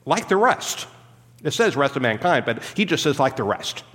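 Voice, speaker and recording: A man's voice: a little high, very animated, moderate pace, fairly bright tone, long reverb tail. A man preaching an expository sermon as a pastor, teaching in an emphatic way and stopping to explain the grammar of the Greek text.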